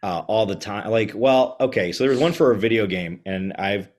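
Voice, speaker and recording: Brief: man from Texas, comedian guest, animated low storyteller. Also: normal speed. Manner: chatty storyteller, slips into character voices. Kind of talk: casual podcast interview. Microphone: video call.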